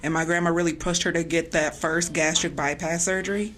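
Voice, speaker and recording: A woman podcast host talking through grief in a conversation, halting and pausing to hold back tears. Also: lowish voice, steady tone, fairly bright tone.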